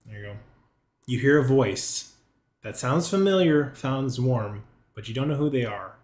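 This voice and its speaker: A man narrating as game master, pausing often with ums while he describes the scene. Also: medium pitch, expressive, darkish tone, reverberant. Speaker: dungeon master.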